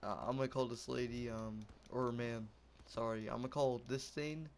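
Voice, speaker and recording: A man's voice: mid-range voice, steady tone, normal speed, a little hiss or hum. Goofy young man narrating gameplay. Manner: goofy, rambling, yelps and laughs. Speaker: gameplay commentator. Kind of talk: casual gameplay commentary.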